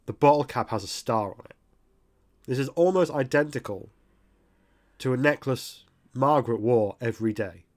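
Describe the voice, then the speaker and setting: Guy running a tabletop game, chatty and casual, swears a bit, middle pitch. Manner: swears casually, quick asides. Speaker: game master.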